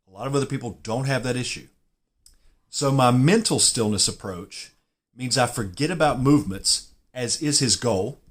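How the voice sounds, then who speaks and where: A man with a Southern US drawl hosting his own golf channel, explaining himself in a rambling, self-deprecating way. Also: mid-range voice. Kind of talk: casual explainer monologue.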